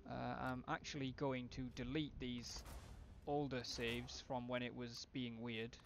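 A man's voice: medium pitch, level tone, unhurried, creaky, a little hiss or hum. A man thinking aloud with wry asides as he streams a strategy game live.

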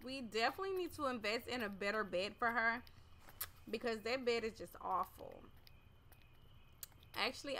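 A woman's voice: sits high, sharp tone, slight background noise. A young woman casually commenting on her life-sim game as she plays, chatty and scolding her character. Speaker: gaming channel host. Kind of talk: casual let's-play commentary. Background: game music.

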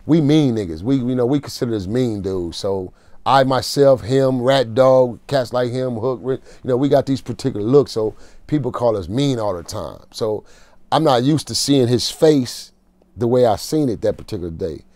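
An interview guest tells a raw, emotional story from his time in jail, using street slang in a dark, mellow voice at a moderate pace. He sits close to a dry, deadened mic with no room sound. Through the heavy moments his voice sinks to a low, quiet murmur.

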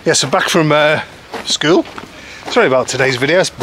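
A man's voice: fairly high pitch, moderate pace, a bit bright. A man chatting to camera in a casual, rambling, self-deprecating way, with lots of ums, as an expat vlogger. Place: outdoors in a village. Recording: outdoor noise with passing traffic.

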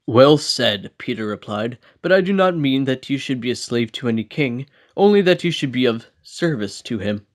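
A man reading an old philosophical book aloud as an amateur audiobook, steady with small slips and restarts. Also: medium pitch, normal speed, hardly any pauses. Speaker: audiobook reader.

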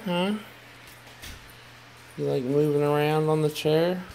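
A man's voice: fairly high pitch, steady tone, slow pace, creaky, a little mellow, poor audio. A man talking playfully to his cat and dog at home, cooing and baby-talking as he films them. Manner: coos and baby-talks to the pets, playful. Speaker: pet owner filming at home. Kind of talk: casual pet talk. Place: home room. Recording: home video with noise.

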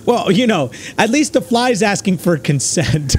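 A man giving let's play commentary as he plays, joking around in a crude, excitable way. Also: high voice, a little slow, slight background noise. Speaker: gamer.

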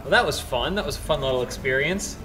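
A man's voice: medium pitch, lively intonation, fast talker, fairly bright tone. A man hosting a gaming show, making dry sarcastic jokes while commenting on the game. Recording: game music in background.

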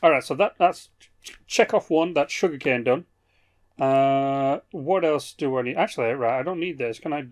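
A young British man chats his way through a game session, joking and swearing as he goes. His voice sits at an everyday middle pitch, loose and unscripted. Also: moderate pace. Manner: chatty, profane, jokey. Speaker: gaming YouTuber. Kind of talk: casual game commentary.

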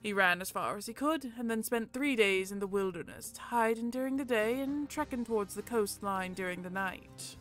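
A woman voicing a proud, scheming male peacock who tells a story in a haughty, slightly raised and louder voice. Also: medium pitch, moderate pace, hardly any pauses, soft background music, close to an everyday voice. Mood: storytelling.

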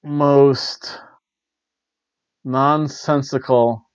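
A man's voice: medium pitch, slow, pauses often, no echo, lo-fi sound. A man hosting a wrestling review show, rambling casually with wry asides on a cheap worn lapel mic. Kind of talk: casual chat.

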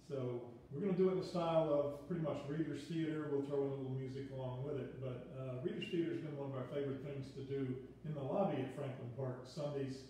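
A man performer introducing a show in a relaxed, easygoing way with a few fillers. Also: mid-range voice, a little hiss or hum. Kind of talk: casual introduction. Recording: echoey room, far from the mic.

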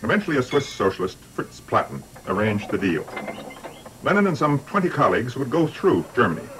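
An older man presenting a documentary in measured, scripted narration with dry, wry asides. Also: mid-range voice, sing-song, fairly bright tone, a little hiss or hum, poor audio.

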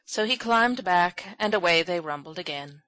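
A woman narrates a classic children's novel in a slightly low voice. The recording is close and dry, with no room sound. She lifts her pitch and volume whenever a character speaks. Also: expressive, normal speed, sharp tone, no echo, rough recording. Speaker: audiobook narrator.

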